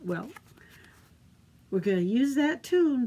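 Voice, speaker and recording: Lively gravelly-voiced storytime librarian. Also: female voice, medium pitch, moderate pace. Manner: gentle, encouraging, talks to kids. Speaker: children's librarian. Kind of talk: children's storytime and craft demo.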